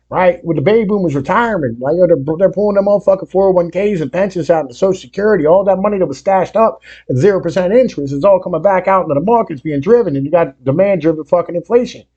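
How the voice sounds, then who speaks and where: A fast-talking man with a high, breathy voice, highs cut off, hosts a music reaction video. He's from Appalachia, and his rambling, profane rant is stuffed with fillers like "you know what I mean," becoming louder and more heated as it goes on.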